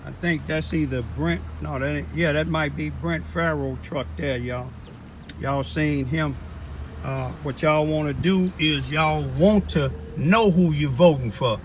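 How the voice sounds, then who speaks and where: A man's voice: fairly high pitch, measured pace, slight background noise. A man giving an impassioned live political rant to his viewers, repeating himself and calling them y'all. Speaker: local political commentator.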